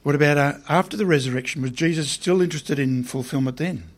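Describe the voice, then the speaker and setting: A man's voice: a little high, fast. A man preaching a sermon in a conversational way, often putting questions to his listeners.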